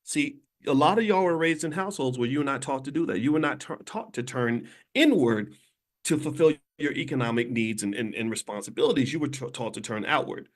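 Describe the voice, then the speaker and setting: A man's voice: mid-range voice, expressive, fairly quick. A man hosting a livestream from a hotel room on his phone, talking emphatically and preachily straight to his viewers. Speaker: financial commentator and channel host.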